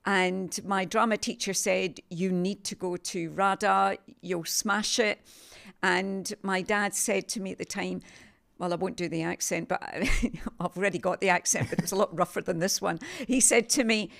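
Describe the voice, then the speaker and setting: An older woman from England talks through her career in a chatty, self-mocking way. She laughs easily and keeps wandering off on tangents. Her pitch sits in the middle for a woman. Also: fairly even intonation, normal speed, gravelly, a bit bright. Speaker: guest, TV sales presenter. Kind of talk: casual interview chat.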